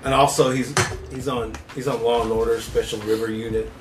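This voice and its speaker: A man co-hosting a podcast in casual chat, telling rambling, animated stories full of profanity. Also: mid-range voice, fairly quick, roomy sound, music in the background. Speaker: podcast co-host.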